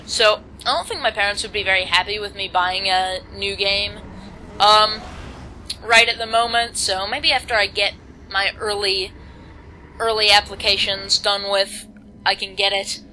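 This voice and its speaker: A woman's voice: medium pitch, steady tone, measured pace, sharp tone, a little hiss or hum, poor audio. A teenage girl giving casual, rambling commentary on a video game she is playing, with lots of filler words. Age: teens. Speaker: let's play commentator. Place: home, volume kept low.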